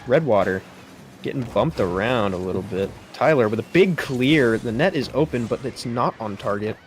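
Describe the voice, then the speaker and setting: Male play-by-play caster, mid pitch, steady delivery that rises on big moments, faint noise under the mic. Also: normal speed. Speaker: play-by-play commentator. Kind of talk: esports commentary.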